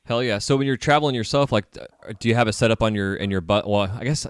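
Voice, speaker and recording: Fast-talking, smooth-voiced podcast host. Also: male voice, lowish voice, no room sound, studio quality. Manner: easygoing, laughs along, quick affirmations. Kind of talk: casual podcast interview.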